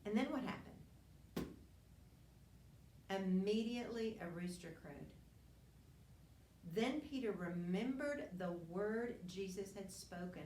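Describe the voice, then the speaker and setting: A woman's voice: medium pitch, lively intonation, slow pace, long pauses, darkish tone, a little hiss or hum. A woman teaching a Bible lesson, retelling scripture in an earnest storytelling way with frequent restarts and asides. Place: church classroom. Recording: roomy, distant mic with faint ambience.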